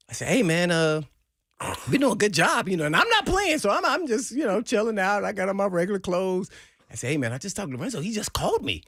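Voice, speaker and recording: A man co-hosting sports talk radio, telling an animated story and acting out the quotes. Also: fairly high pitch, a little fast, no room sound, clean studio sound. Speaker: sports radio co-host, former player.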